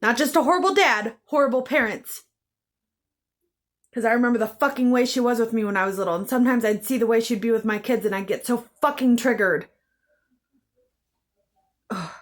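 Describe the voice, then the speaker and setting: A woman's voice: on the high side, brisk, long pauses. A woman telling her own story to camera in an intense, bitter way, swearing heavily and repeating phrases for emphasis. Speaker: vlogger. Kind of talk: emotional personal storytelling.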